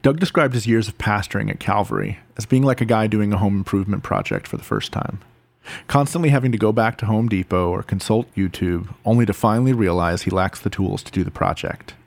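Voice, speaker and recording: A man reading scripted narration in a measured, even way. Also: lowish voice, gravelly, no echo. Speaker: podcast narrator.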